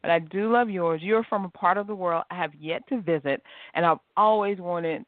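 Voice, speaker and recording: A woman's voice: lowish voice, normal speed, no echo. A woman hosting a podcast interview, bubbly and chatty. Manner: bubbly, chatty, laughs easily. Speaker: host. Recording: dry, tinny phone-line audio.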